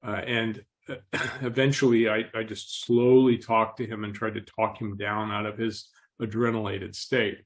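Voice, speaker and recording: Calm man clearing his throat. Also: on the low side, normal speed. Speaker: podcast guest. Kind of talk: interview storytelling.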